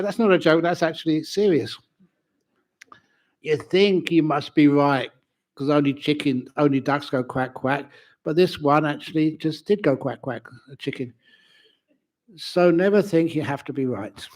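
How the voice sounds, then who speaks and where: A man, a Buddhist monk, giving a humorous dharma talk at a university with animated storytelling. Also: on the high side. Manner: animated storytelling, laughs at own jokes. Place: university lecture venue.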